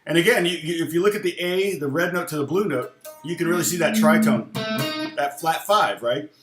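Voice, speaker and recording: A man's voice: fairly high pitch, fairly quick, fairly bright tone, echoey room. A man teaching guitar on a casual live stream, chatting with viewers in a self-deprecating way and laughing often.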